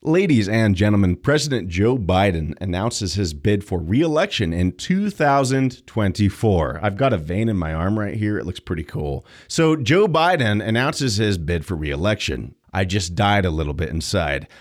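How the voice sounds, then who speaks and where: A young adult man hosting an opinion podcast, sarcastic and animated, jumping between loud and quiet. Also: on the low side, normal speed, hardly any pauses. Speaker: podcast host.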